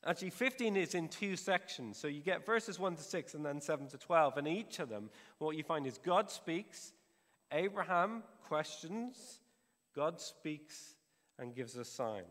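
A man's voice: a little high, lively intonation, a little slow, long reverb tail. A male pastor preaching a sermon in a conversational way, with frequent restarts. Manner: conversational preaching with restarts, drops soft to pray.

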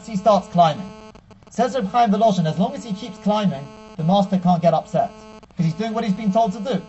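A man giving a storytelling sermon as a rabbi, animated and acting out the quotes, recorded with a slightly dull sound and a faint hum. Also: high-pitched, brisk. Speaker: rabbi giving a Torah class.

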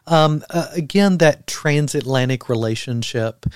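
Earnest American guest author in conversation. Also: male voice, fairly high pitch, unhurried, smooth, dry recording. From United States. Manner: earnest, thoughtful, with frequent fillers. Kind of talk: conversational interview.

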